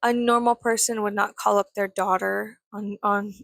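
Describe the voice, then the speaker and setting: A woman's voice: mid-range voice, flat delivery, moderate pace, gravelly, fairly bright tone, dry recording. A tired young woman ranting casually about family, blunt, profane and sarcastic, sometimes muttering asides under her breath. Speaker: vlogger. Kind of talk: casual storytime rant.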